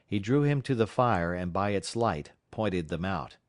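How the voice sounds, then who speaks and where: A man reading a classic novel aloud as an audiobook narrator, in a measured, dramatic storytelling manner. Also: deep voice, lively intonation, no echo, clean studio sound. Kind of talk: scripted narration.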